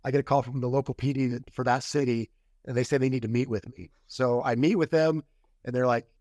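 A man's voice: medium pitch, steady tone, brisk, darkish tone, no echo, studio quality. A middle-aged man as a podcast guest, candidly telling a personal story in casual conversation and acting out the quoted lines. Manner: candid, acts out quoted dialogue.

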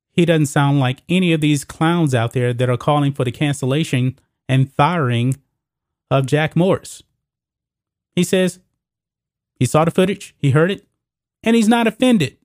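A man's voice: mid-range voice, unhurried, long pauses, a little mellow, dry recording, studio quality. A man hosting opinionated sports commentary, emphatic and repetitive, calling viewers guys.

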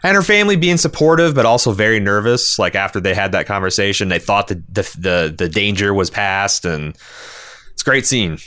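A man with a very low voice and a bright, forceful tone chats loosely on a podcast, rambling with fillers and restarts. The sound is dry and close. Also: animated, brisk, clear, resonant tone, no room sound. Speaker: podcast co-host. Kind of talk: casual recap chat.

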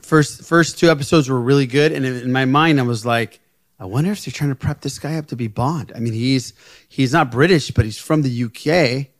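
A man co-hosting a podcast, telling a story in casual, excitable chat. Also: mid-range voice, brisk, dry recording, studio quality. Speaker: podcast co-host.

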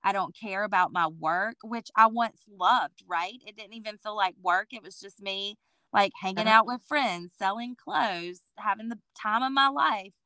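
Bright, crisp-voiced woman telling her story. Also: medium pitch, moderate pace, no echo. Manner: lively storyteller who acts out what people said. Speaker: boutique owner, interview guest. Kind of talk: conversational storytelling.

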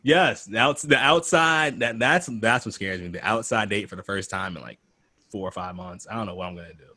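A man co-hosting a casual podcast chat, animated and loose, swearing, laughing often and restarting his sentences. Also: fairly low pitch, fairly quick. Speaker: podcast co-host.

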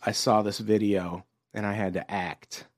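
A man hosting a podcast, telling a story in casual chat, animated and quick to laugh. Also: fairly low pitch. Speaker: podcast host.

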